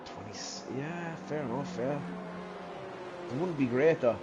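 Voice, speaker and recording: A man's voice: mid-range voice, lively intonation, measured pace, crowd noise. Man musing through live race commentary. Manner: thinking aloud, many restarts and trailing sentences. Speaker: sim racing commentator.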